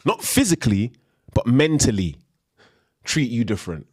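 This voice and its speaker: A man's voice: mid-range voice, sing-song, unhurried, darkish tone, dry recording. A man ranting on a live stream in a heated, emphatic way, repeating slang tags as he goes.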